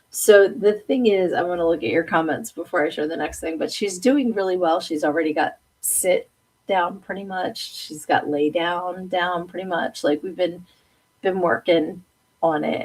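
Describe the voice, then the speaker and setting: A woman's voice: lowish voice, slightly rough. A woman hosting a live stream in a casual, chatty way, reading viewer comments aloud and laughing often. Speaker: host.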